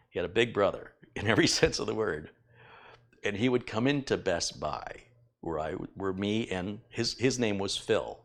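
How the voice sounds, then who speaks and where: A middle-aged man chatting casually on a live tech stream, rambling and self-deprecating as he thanks viewers. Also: low voice. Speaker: tech YouTuber reading donations.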